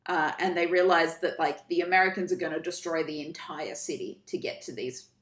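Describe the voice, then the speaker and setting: A woman with a lower voice chats through an invented adventure story, now and then snapping into short character voices. Her voice carries a roomy echo. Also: a bit bright. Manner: acts out characters in quick quoted voices. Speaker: podcast co-host. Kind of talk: casual chat, retelling a made-up story.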